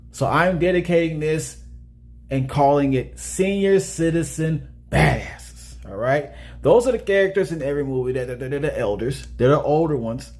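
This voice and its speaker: A man casually talking through a movie review in a chatty way, often checking in with "all right?". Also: mid-range voice.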